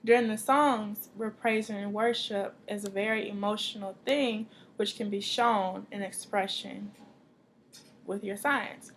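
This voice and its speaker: A woman teaches a church sign language class in a middle-pitched voice. She explains points and acts out short examples to show them. A faint background hiss sits under her voice. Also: a little slow. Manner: explains with lively acted-out examples.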